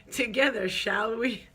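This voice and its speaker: A woman's voice: a little high, slow pace, sharp tone, husky, exaggerated voice. A woman voicing a teasing, amused male film star in a put-on accent during a comic story. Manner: mock foreign accent, teasing.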